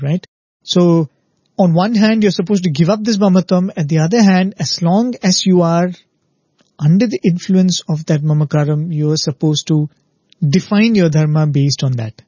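A man's voice: fairly high pitch, dark tone, no echo, lo-fi sound. A man giving a reflective spiritual talk, telling a parable and often checking in with "right?" and repeated "very, very". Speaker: spiritual speaker.

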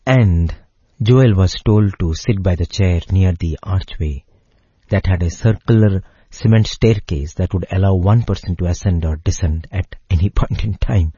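A man narrating a devotional story in a measured way, pausing phrase by phrase. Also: deep voice, dark tone, husky, no room sound, dull audio.

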